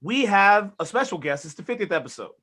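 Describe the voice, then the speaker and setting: Bright, hyped-up male podcast host. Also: high voice, brisk, breathy edge. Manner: hype, energetic, swears casually. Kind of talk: casual sports podcast chat.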